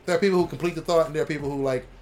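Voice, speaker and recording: Fast-talking, profane middle-aged man. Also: a little high, slight background noise. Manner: rambling, profane, animated, quick. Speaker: comic artist. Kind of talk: casual chat.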